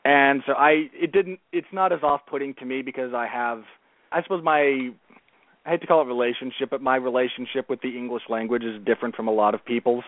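A man's voice: medium pitch, dry recording. A man who is a guest on a film podcast, talking earnestly and often restarting and correcting his sentences. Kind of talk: casual film discussion. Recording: tinny phone-like line, dry.

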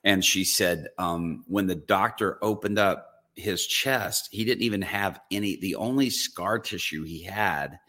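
A man's voice: low-pitched, measured pace, few pauses, pushed and bright. A man, a guest evangelist, telling a story in a podcast interview, acting out his own reactions as he goes.

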